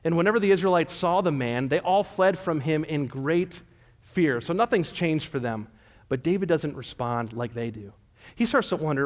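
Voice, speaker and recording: A man's voice: a little high, animated, moderate pace. Man preaching in an echoey church. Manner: conversational storytelling, retelling scripture casually. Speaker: pastor. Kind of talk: sermon. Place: church sanctuary.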